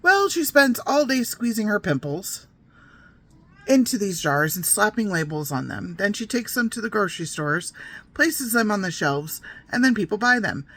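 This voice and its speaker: A woman's voice: mid-range voice, big pitch swings, moderate pace, a bit bright, voice pushed up. A woman voicing a cruel mother who relishes telling her daughters a gross, made-up tale in a sing-song manner. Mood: gleefully cruel.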